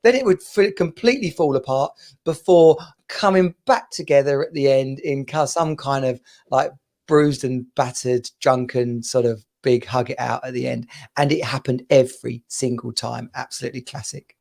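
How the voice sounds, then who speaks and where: Man, from the UK, podcast host, gravelly voice, mid-pitched, chatty rambling storyteller. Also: normal speed, a little mellow. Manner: rambling, chatty storyteller who laughs often. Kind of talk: casual chat.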